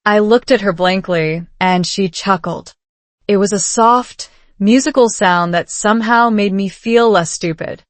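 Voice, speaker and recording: A woman narrating a first-person story slowly and clearly, for learners. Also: mid-range voice, dry recording. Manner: slow, clear reading for learners. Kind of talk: slow scripted story narration.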